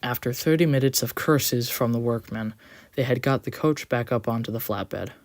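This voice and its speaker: A storyteller reading an audio story aloud, expressive with the odd small slip. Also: medium pitch, moderate pace, no room sound.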